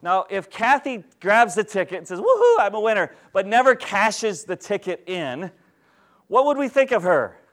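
High-voiced man preaching a casual sermon. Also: normal speed. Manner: conversational, animated teaching with questions to the congregation. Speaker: pastor.

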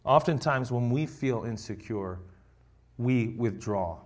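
A man's voice: medium pitch, animated, takes it slowly. A man preaching a conversational sermon, reading scripture and acting out the quoted lines.

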